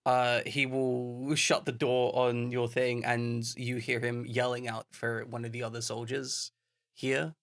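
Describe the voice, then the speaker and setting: A man's voice: medium pitch, little pitch movement, measured pace, a bit bright. A man running a tabletop game as game master, laughing often and joking at his own expense. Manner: laughs often, self-deprecating.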